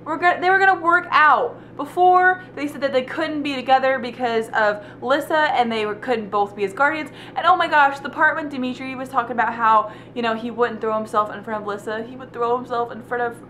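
A woman's voice: high voice, a little fast, few pauses, bright, forceful tone, slight background noise. A young woman giving an emotional, rambling book review from home, gushing and often trailing off mid-thought. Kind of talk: casual video review. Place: at home indoors.

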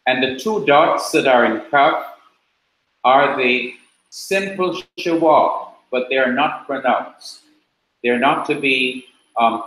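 A man teaching a class, explaining slowly and patiently and repeating key points. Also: medium pitch, a bit bright. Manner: slow, patient explaining with repetition. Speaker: preaching school teacher. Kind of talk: classroom lecture. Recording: very echoey classroom.

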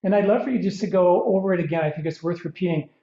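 A man's voice: high voice, racing, mellow, echoey room, muffled recording. A man hosting a podcast interview, asking questions in a rambling way and repeating words as he searches for phrasing. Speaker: podcast host. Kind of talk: conversational interview.

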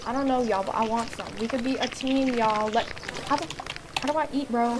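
Young woman gamer, higher voice, blunt and swearing, live commentary over noisy game audio. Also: brisk. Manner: excitable, swears a lot, talks to the game. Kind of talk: casual gameplay commentary.

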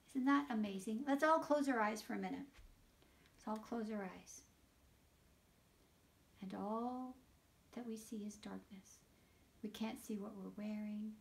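A woman leading a children's liturgy, reading scripture aloud and explaining it to children in an animated storytelling way, sometimes dropping to a whisper. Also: medium pitch, unhurried, vocal fry, a little hiss or hum. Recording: voice picked up from a distance.

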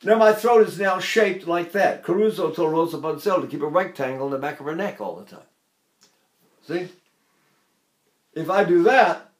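Older guy from texas teaching voice, chatty, kinda high voice, echoey room. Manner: lively, chatty teaching with quick asides and chuckles. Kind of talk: vocal technique lesson with spoken demonstrations. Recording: roomy echo.

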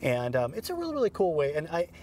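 A man's voice: a little high, huge pitch swings, fast, a little mellow, slight background noise. A man hosting a dog training show, explaining methods in an upbeat, chatty way with many fillers and restarts. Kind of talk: instructional TV show.

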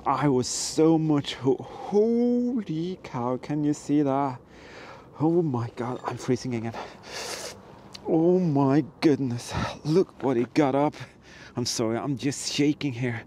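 Excited man vlogging from an ice hole. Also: mid-range voice, unhurried, a little hiss or hum. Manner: excited, talks to himself and the viewers. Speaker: history hunting vlogger. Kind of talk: casual vlog commentary. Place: outdoors in freezing cold by an ice hole, then a workshop.

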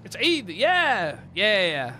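A man's voice: high voice, huge pitch swings, takes it slowly, sharp tone. A young man chatting casually while he streams a game, loose and chatty with offhand swearing. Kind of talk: casual chat while playing. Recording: faint background noise.

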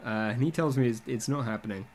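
A man's voice: mid-range voice, quick pace, darkish tone. A man hosting a casual podcast chat, joking and teasing his guests. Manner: jokey, teasing. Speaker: podcast host.

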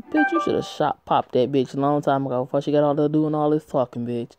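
A woman's voice: sits low, fairly even intonation, fast, few pauses, darkish tone, clean tone, no room sound. A woman giving crude, sassy, profane commentary while she reads a story.

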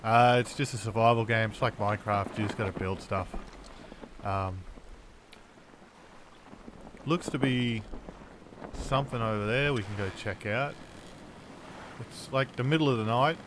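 A man's voice: on the low side, measured pace, long pauses, noisy background. Jumpy man doing let's-play commentary. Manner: jumpy, exclaims often at scares. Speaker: gaming channel host.

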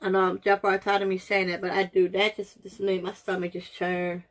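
A woman's voice: medium pitch, flat delivery, fairly quick. A woman doing a casual taste-test vlog, groaning and reacting dramatically as she talks straight to her viewers. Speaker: vlogger.

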